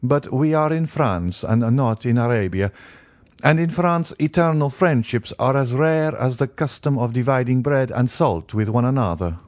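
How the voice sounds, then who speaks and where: A man's voice: mid-range voice, expressive, moderate pace, darkish tone, dry recording, clean studio sound, pitched above the performer's own voice, natural voice. A man reading a reserved nobleman who answers with cool, formal politeness. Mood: guarded. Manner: formal, restrained. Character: reserved, guarded nobleman count, coolly polite.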